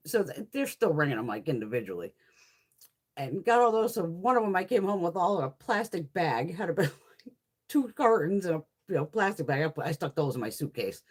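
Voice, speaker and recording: A woman's voice: mid-range voice, expressive, brisk. A woman from Connecticut chatting as a beauty haul vlogger, telling a story casually, swearing constantly and laughing as she talks. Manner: swears constantly, laughs through her stories.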